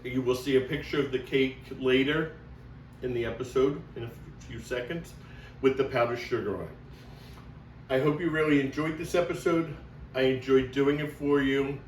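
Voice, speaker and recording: A man hosting a casual home cooking vlog, chatting slowly and warmly to viewers as he cooks. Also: mid-range voice, slight background noise. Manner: slow, homey, talks to viewers while cooking. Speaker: cooking show host. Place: home kitchen. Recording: echoey kitchen, mic far off.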